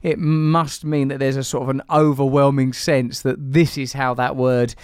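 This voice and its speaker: A man's voice: medium pitch, level tone, normal speed, clear, resonant tone, no room sound, clean studio sound. A man hosting a casual conversation, curious and rambling, full of fillers and restarts.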